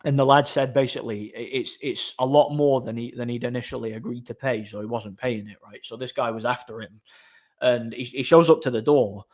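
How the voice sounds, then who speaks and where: A man's voice: mid-range voice, fairly even intonation, fairly quick, a little mellow. A man, casually telling a story as host of his own channel, repeating words and using many fillers.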